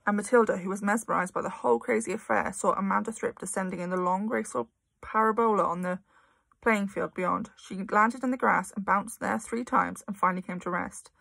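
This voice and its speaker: A woman reads a children's story with lively, expressive storytelling. Her voice has a gravelly, husky texture. The sound is dry and close. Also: medium pitch, brisk, dry recording. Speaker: narrator. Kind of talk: audiobook reading of a children's novel.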